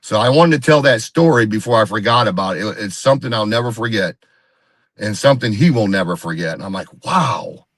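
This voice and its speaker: A man's voice: lowish voice, expressive, fast, a bit bright, dry recording. A man, a guest on a live video call, telling a story in a rambling casual way and acting out what others said. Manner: rambling, repeats himself, acts out quoted dialogue. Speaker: guest Bigfoot researcher.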